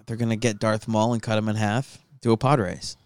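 A man's voice: lowish voice, level tone, brisk, clear, resonant tone, dry recording. A young man chatting casually and joking, telling stories in a loose, riffing way. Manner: joking, storytelling, swears casually. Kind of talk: casual chat.

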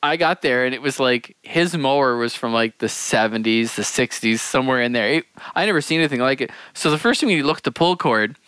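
A man's voice: mid-range voice, fairly quick, few pauses, a bit bright, clear, resonant tone, no room sound. A man co-hosting a podcast, telling a funny story among friends, laughing and acting out the people he quotes. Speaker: podcast co-host.

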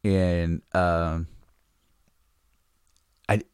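A man's voice: low-pitched, little pitch movement, extremely slow, a little mellow, clear, resonant tone, dry recording, studio quality. A man telling a long personal story in casual chat, rambling and restarting sentences, laughing often. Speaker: podcast guest telling a story.

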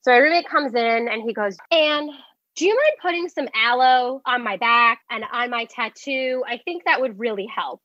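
A woman's voice: a little high, normal speed, few pauses, no room sound, lo-fi sound. A woman casually telling a dating story, acting out each quote with lots of "like". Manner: animated, acts out quotes, many "like"s.

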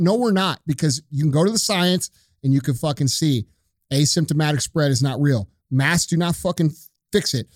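Man, fairly high voice, preachy profane rant, dry close mic. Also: a little fast, dry recording. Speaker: podcast co-host. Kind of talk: casual chat, ranting.

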